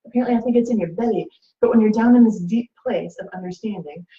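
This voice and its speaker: A woman's voice: medium pitch, quick pace, warm tone. A woman talking through relationship advice in a casual, rambling way, full of fillers and acted-out quotes. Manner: chatty, many fillers, acts out quoted lines. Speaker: host. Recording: echoey room, dull lo-fi sound.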